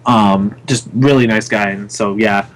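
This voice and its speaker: A man's voice: fairly low pitch, steady tone, a little slow. A man in his twenties hosting a casual chat show, talkative and laughing often. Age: 20s. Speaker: podcast host.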